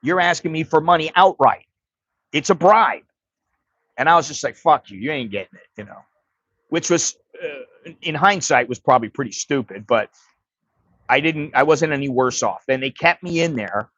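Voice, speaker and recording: A man's voice: mid-range voice, animated, normal speed, fairly bright tone, no echo, dull audio. A man hosting a livestream, telling a story in a blunt, profane, casual way. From United States. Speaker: livestream host.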